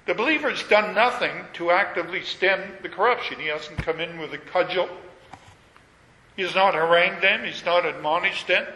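A man preaching a sermon, measured and emphatic, leaning on repetition. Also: high voice, bright, forceful tone, slight background noise. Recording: echoey hall with long reverb.

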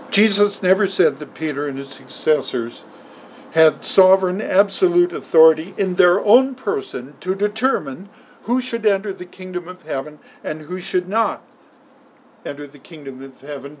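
A man's voice: on the high side, a little hiss or hum, rough recording. A man preaching a sermon in an emphatic way, often repeating words for stress. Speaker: pastor.

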